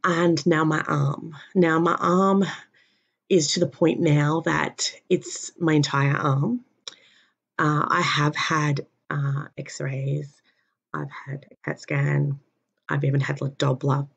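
A tired woman in pain, giving a halting personal health update with many pauses and fillers. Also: low-pitched, flat delivery, vocal fry, breathy edge. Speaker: vlogger. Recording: dull lo-fi recording.

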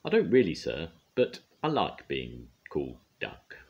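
A man voicing a polite, proud little steam engine in a storybook reading, speaking calmly. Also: a bass voice, unhurried, husky, muffled recording, full character voice. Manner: polite and calm.

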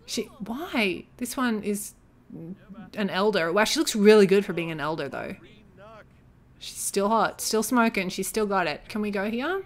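A woman's voice: medium pitch, measured pace. Chatty young woman commenting on gameplay. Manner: chatty, excitable, voices her sims jokingly. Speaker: gaming YouTuber.

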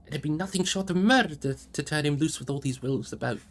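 A man's voice: fairly high pitch, fairly quick, voice pushed up, close to an everyday voice. A man voicing a stubborn, loyal young male hobbit servant in an audiobook reading, pleading and indignant. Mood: protesting.

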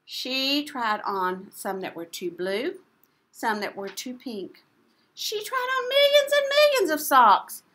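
Animated woman teacher. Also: high voice, slow. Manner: animated and playful, asking the children questions. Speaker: preschool teacher. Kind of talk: reading a picture book to children.

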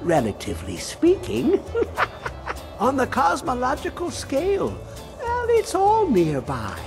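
A strange old hermit scholar speaks in riddles from a video game. His voice sits high and swoops wildly up and down. He drags his words out slowly in a sing-song way. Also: huge pitch swings, over music, heavily acted. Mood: cryptic. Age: older. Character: eccentric old male hermit scholar, cryptic.

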